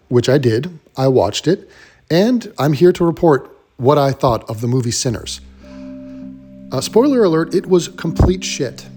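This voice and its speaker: A man delivers a blunt, sarcastic film rant in a slightly higher-than-average voice, swearing freely. He talks as a commentary host airing his verdict. Faint music sits low behind him. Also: big pitch swings, a little slow, dark tone, breathy edge.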